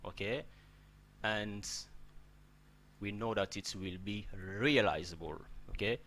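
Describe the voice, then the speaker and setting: A man's voice: lowish voice, slow pace, a bit bright. A man whose first language is not English, teaching English pronunciation and word stress, often repeating words and asking "okay?". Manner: addresses listeners as brother. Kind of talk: spoken pronunciation lesson.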